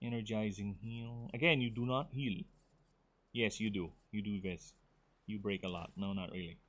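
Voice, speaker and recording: A man's voice: fairly low pitch, fairly even intonation, moderate pace, a bit bright. A man from the Philippines, streaming a game, teasing his viewers and muttering through his choices. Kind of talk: casual game stream chat.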